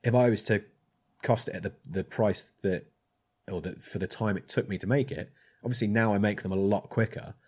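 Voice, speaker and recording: A man with a fairly low voice chats casually about his craft as a blacksmith. He rambles, trails off and restarts with plenty of ums, in a relaxed conversational way. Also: brisk, breathy edge. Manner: rambling, hesitant with many ums. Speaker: blacksmith, guest. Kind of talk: casual chat.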